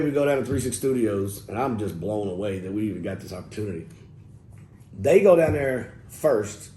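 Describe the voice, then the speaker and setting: A man telling casual stories as an interview guest, profane and animated, acting out what people said. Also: medium pitch. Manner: profane, animated, acts out quotes. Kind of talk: casual storytelling. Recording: echoey room with faint noise.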